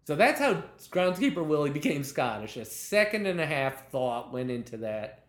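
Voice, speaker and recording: A man, a television comedy writer, telling behind-the-scenes anecdotes in a lively way, laughing as he talks and acting out what people said. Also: on the high side, normal speed, echoey room. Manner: lively storyteller, laughs while talking, acts out quotes.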